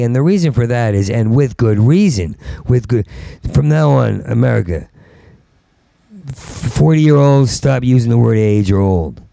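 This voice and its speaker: A man's voice: medium pitch, vocal fry, dark tone, dry recording. A middle-aged man doing a rambling, profane stand-up rant, stuttering and restarting his words. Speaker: stand-up comedian.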